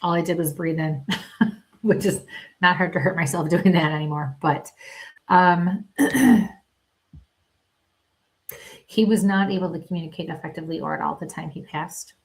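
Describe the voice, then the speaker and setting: Halting woman medium, low voice. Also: fairly even intonation. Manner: halting, many ums and small laughs. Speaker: medium giving readings. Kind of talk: live psychic reading show.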